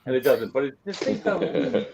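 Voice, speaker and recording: A man's voice: mid-range voice, expressive, a little fast, noisy background. A man co-hosting a casual group chat, rambling and drifting off topic. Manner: rambling, digressive. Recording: dull lo-fi sound.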